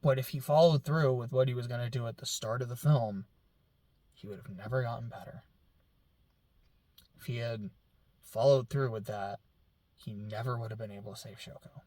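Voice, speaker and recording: A man giving a casual, emotional film reaction, rambling with many fillers and dropping very soft when moved. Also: mid-range voice, normal speed, pauses often, no echo. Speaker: film reviewer.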